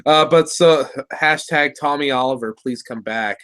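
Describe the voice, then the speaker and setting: A man's voice: mid-range voice, moderate pace, a bit bright, clean tone. A man of Mexican heritage reviewing a cartoon episode in rambling, joking casual chat.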